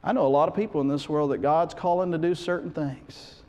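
A man preaching a sermon in a church, swinging from hushed to loud and often restarting his sentences. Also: fairly high pitch, fairly quick, long reverb tail. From United States. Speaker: pastor.

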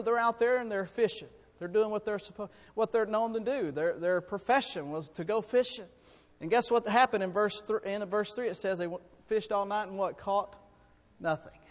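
A man preaching a sermon in a folksy, emphatic way, swinging between loud and quiet. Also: high voice, in a large hall.

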